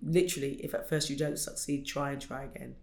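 A woman's voice: rumbling low, little pitch movement, fast talker, vocal fry, darkish tone. A middle-aged woman, an Olympic athlete, telling stories animatedly as an interview guest and acting out quoted voices. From United Kingdom. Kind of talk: conversational interview. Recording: roomy echo.

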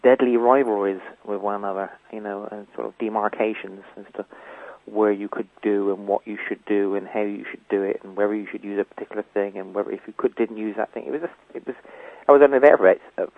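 A man's voice: on the low side, steady tone, quick pace, dry recording. A man being interviewed as the writer of a comedy, hesitant, with many ums and chuckles. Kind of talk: radio interview. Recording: tinny phone line.

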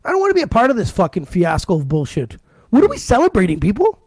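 Ranting man, high lively creaky voice. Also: fast talker, no echo. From Canada. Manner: angry, profane ranting with repeated restarts. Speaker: podcast co-host. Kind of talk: casual podcast rant. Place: podcast studio.

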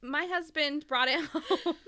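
A woman's voice: sits high, takes it slowly, bright, forceful tone. A woman in her thirties, congested from a cold, chatting casually as a podcast co-host and telling long rambling stories with frequent laughter. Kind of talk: casual chat.

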